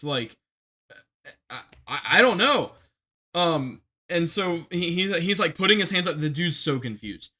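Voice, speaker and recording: A young man tells a combat story in a casual podcast chat, with a bright, sharp voice set a little high for a man. He rambles and restarts a lot, then shouts when he acts out the orders he gave. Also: animated, measured pace. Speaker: podcast guest telling a war story.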